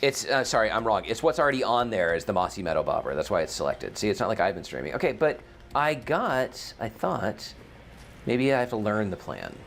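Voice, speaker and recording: A man's voice: fairly low pitch, big pitch swings, fairly quick, gravelly, fairly bright tone, a little hiss or hum. A man hosting a casual gameplay livestream, rambling and thinking aloud, often correcting himself mid-sentence. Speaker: streamer, game host.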